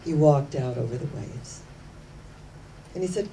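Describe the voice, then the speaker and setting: A woman giving an inspirational sermon, telling stories with slow, emphatic phrasing that sometimes sinks to hushed tones. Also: very deep voice. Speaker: spiritual speaker. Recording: distant mic with faint background noise.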